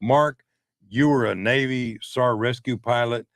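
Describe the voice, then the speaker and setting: Excited talk show host guy, jumps in with questions, clears his throat a lot, dry sound. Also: medium pitch, a little slow, dry recording. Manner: enthusiastic, interjecting, frequently clears throat.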